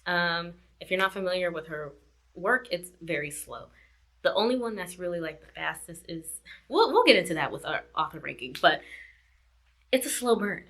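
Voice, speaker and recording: A woman's voice: fairly low pitch, animated, normal speed, a bit bright. A woman reviewing a book in a casual vlog chat, repeating herself and laughing often. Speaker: book vlogger.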